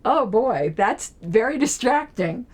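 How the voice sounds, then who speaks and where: A woman who hosts a political commentary channel talks through a TV episode casually and on her own. Her voice is husky, slow, and lively in pitch, and she rambles, laughs often, and talks to herself while trying to recall names.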